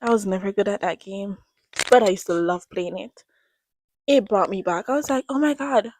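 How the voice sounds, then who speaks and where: A woman's voice: mid-range voice, normal speed, slight background noise. A woman, gushing in a casual, rambling chat to camera as a book reviewer. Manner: gushing, animated, rambling with restarts.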